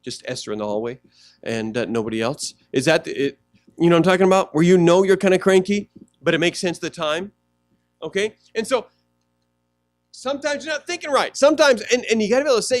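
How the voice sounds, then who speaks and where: A man's voice: high voice, expressive, brisk, no room sound. A male pastor preaching a sermon in a conversational way, often asking the congregation questions.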